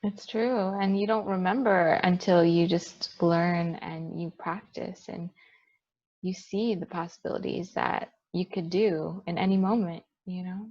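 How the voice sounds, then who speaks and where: Brief: woman interviewer, low husky voice, short agreeing replies, muffled lo-fi sound. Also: steady tone, measured pace, a little mellow. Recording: dull lo-fi audio.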